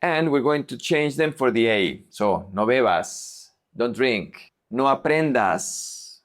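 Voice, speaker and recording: A man teaching a language lesson, modeling each example word slowly and repeating it for practice. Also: mid-range voice, animated. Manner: slow, deliberate modeling of words. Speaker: Spanish teacher.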